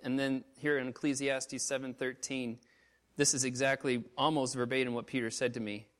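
This man is a missionary pastor giving a sermon, his emotional stories moving from loud exclamations to soft, low passages. His tone stays level overall, at a normal speed.

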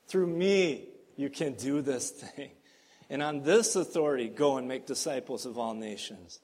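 A man's voice: medium pitch, measured pace, darkish tone. A man preaching a sermon as pastor, earnest and emphatic, with frequent fillers.

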